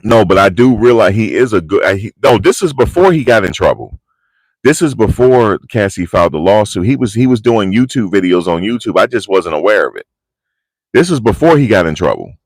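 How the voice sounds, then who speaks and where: A man's voice: lowish voice, sing-song, fairly quick, no room sound. A man hosting a livestream, telling stories in casual slang and reading out chat comments. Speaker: livestream host.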